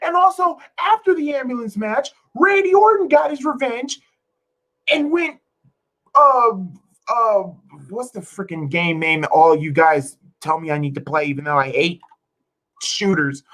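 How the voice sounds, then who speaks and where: A woman's voice: a little high, animated, measured pace, fairly bright tone, low-quality recording. A woman streamer ranting to her chat in an exasperated, profane way, repeating herself for emphasis. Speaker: wrestling streamer. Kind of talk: livestream rant to chat.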